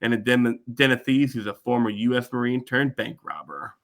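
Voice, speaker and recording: A man hosting a casual movie podcast and working through trivia in a methodical, matter-of-fact way. His voice sits at a middling pitch. He sounds plain and relaxed. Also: normal speed, gravelly. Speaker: podcast host. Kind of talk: casual chat, reading trivia.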